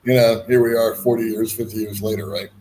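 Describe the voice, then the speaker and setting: A man's voice: fairly low pitch, steady tone, a little fast, dark tone, a little hiss or hum. A man hosting a casual chat, talking in a rambling, frank way with folksy asides. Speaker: host.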